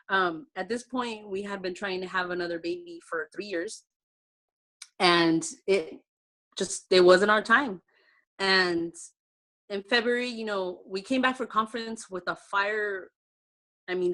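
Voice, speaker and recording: A direct-sales team leader shares her personal success story over a video call, sounding heartfelt and chatty and using lots of fillers. Her voice sits in the middle range with a slight brightness.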